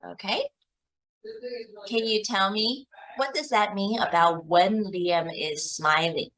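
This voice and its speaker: A woman English teacher tutoring a young child one-on-one, asking slow, patient, deliberate questions. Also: medium pitch, a bit bright.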